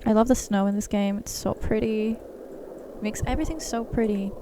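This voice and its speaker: Gushing young woman with vocal fry. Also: medium pitch, normal speed, noisy background. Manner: gushing, excitable, chatty. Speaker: gaming channel host. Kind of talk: let's-play commentary.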